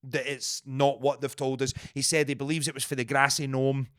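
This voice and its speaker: A young Scottish man co-hosting a podcast, telling stories in an animated, sweary way. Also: mid-range voice, smooth, no echo, studio quality. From Scotland. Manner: animated storyteller, sweary, quick to put on voices. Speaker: podcast co-host. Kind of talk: casual chat.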